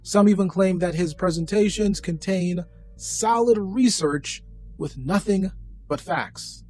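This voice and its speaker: A man's voice: high-pitched, slow pace, a little mellow. A man narrating a scripted commentary voice-over in a dry, sarcastic tone.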